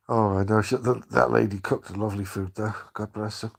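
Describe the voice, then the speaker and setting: An older man rambles through memories on a live stream, stopping and restarting his sentences. His voice stays low-key and flat, with little rise or fall. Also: gravelly. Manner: rambling, halting, many restarts. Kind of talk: casual live-stream chat.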